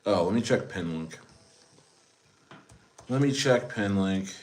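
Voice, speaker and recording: Male streamer, slow loose delivery, rambling casual commentary to viewers. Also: fairly low pitch, animated. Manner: rambling, repeats himself, addresses viewers as guys. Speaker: crypto streamer.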